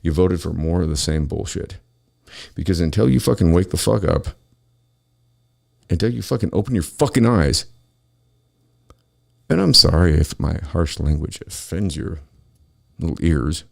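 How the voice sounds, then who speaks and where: A man with a very low, gravelly voice rants on his own show. He talks angrily and swears constantly as he vents to his listeners. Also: expressive, moderate pace, pauses often. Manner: angry, profane, ranting. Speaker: podcast host. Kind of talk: solo political rant.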